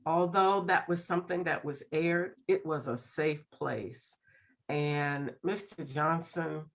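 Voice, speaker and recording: A woman's voice: low voice, slow pace. A middle-aged woman on a school board, speaking at an online meeting and heaping emphatic praise on a student.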